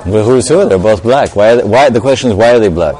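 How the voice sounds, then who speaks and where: A man's voice: lowish voice, lively intonation, brisk, dark tone. A man preaching a sermon, animatedly telling a devotional story and quizzing the audience. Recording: echoey hall with long reverb.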